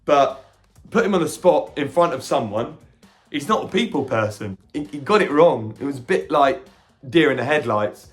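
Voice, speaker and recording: Animated man recapping a film. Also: mid-range voice, faint music behind. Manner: animated retelling, slipping into quick voiced quotes of characters; occasional stammering restarts. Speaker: podcast host reviewing a film. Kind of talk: casual film reaction recap.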